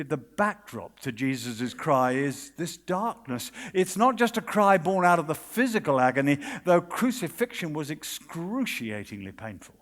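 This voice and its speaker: A British man preaches a sermon with earnest, dramatic delivery, sinking into hushed pauses. His voice sits high for a man. The sound carries a long reverb from a large conference hall. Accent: British English.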